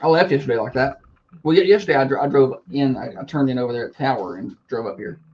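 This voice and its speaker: A man's voice: mid-range voice, fast talker, a little mellow, highs cut off. A man hosting a morning radio show, casual and easygoing, laughing easily. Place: radio studio.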